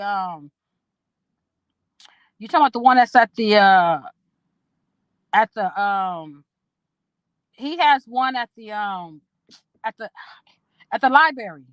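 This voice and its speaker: A woman's voice: on the high side, dry recording, dull audio. A middle-aged woman chatting casually to her viewers on a phone livestream from a park, rambling through memories with an emotional, swearing style. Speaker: vlogger talking to viewers. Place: outdoors at a park.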